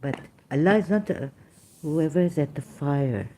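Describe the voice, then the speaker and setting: Woman lecturer, low mellow voice; halting non-native English, unhurried, reading out verses. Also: animated. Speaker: religious critic presenting scripture.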